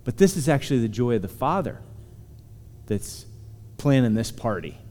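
A man preaching a sermon, earnest and emphatic, slowing down to stress key words. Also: medium pitch, big pitch swings, dark tone. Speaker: pastor. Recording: long hall reverb.

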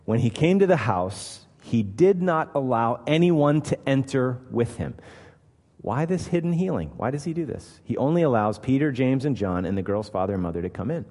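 A man's voice: medium pitch, expressive, moderate pace, a little mellow. A man preaching a sermon as pastor, emphatic and posing rhetorical questions to his listeners. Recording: long hall reverb.

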